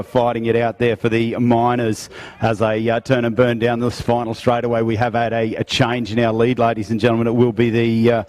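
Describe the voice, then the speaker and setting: A man's voice: medium pitch, darkish tone. A man announcing live races at an outdoor track, calling out to the crowd. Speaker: race announcer. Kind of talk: live race commentary.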